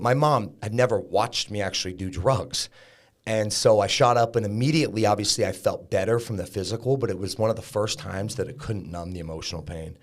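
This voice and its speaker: A man in his thirties, a podcast guest, telling his own story in a frank, conversational way, full of likes and the odd curse. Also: on the low side. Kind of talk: candid storytelling about recovery.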